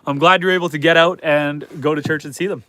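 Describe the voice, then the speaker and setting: A man from Canada talks casually through a homesteading livestream, reading out comments and chatting to his chickens. His voice sits a little high for a man and sounds stuffy and a touch hoarse from a head cold. The sound is dry and close, with no room echo. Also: steady tone, fast, a bit bright. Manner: chatty and upbeat, talks to chat and animals.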